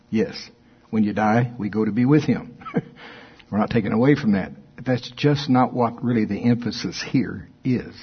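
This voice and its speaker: Husky-voiced preacher man, lo-fi recording. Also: fairly low pitch. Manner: excitable, laughs often, reads scripture slowly. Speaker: pastor. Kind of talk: sermon. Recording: dull lo-fi recording.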